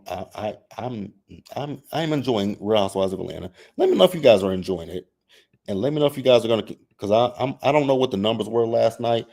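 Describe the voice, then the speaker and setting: Sassy, animated male recap host. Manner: sassy, animated, mimics cast members with exaggerated high voices; repeats phrases for emphasis. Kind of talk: casual recap talk reading chat comments.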